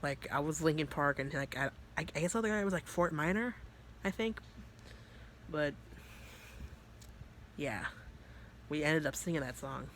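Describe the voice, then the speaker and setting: A man's voice: a little high, animated, moderate pace, pauses often, a bit bright, slight background noise. A man telling a story in a casual, rambling way, full of fillers and swearing. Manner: rambling, filler-heavy and profane. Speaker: vlogger.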